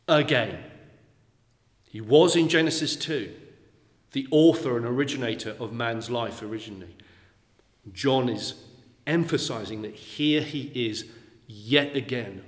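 A male preacher delivers a sermon at a very slow, measured pace. He repeats key phrases for emphasis. The sound carries the long, roomy reverb of a large hall. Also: mid-range voice.

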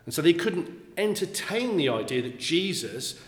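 A man preaching a sermon, talking slowly and deliberately and repeating key phrases for emphasis. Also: fairly high pitch, very animated. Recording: echoey hall with long reverb.

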